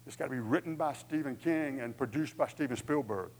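A man's voice: medium pitch, fairly quick, poor audio. A man preaching a sermon in a conversational way, acting out inner voices with humor. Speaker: pastor.

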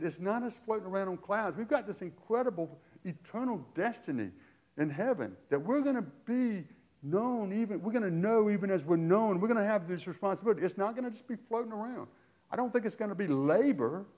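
A man's voice: high voice, a little mellow. A middle-aged man preaching a sermon in a conversational way, with sarcastic asides. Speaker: pastor.

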